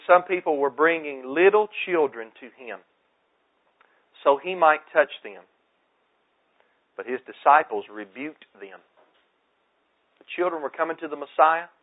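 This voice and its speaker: A man in midlife delivers a sermon with passionate, climbing intensity. His voice sits slightly high for a man. The sound is thin and tinny, as if over a phone line. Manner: preaching with rising, impassioned intensity. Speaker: pastor.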